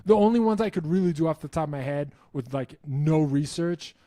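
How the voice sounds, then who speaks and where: A man's voice: a little high, lively intonation, a little fast, mellow, no room sound. Rambling, wry man on a dry mic. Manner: rambling, self-interrupting, laughs often; wry and enthusiastic. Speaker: channel host answering viewer questions. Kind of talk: casual live stream chat.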